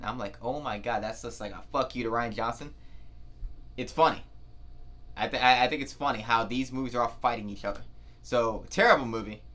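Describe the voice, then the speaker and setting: A man's voice: medium pitch, sharp tone. A man giving a casual, blunt and ranting monologue as a film reviewer, swearing freely and mocking scenes.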